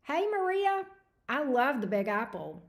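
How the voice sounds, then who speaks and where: A woman's voice: sits high, sing-song, unhurried. A woman hosting a tarot livestream, chatting casually with viewers in a snarky, laughing way, tired. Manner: snarky, laughing, reading chat messages aloud.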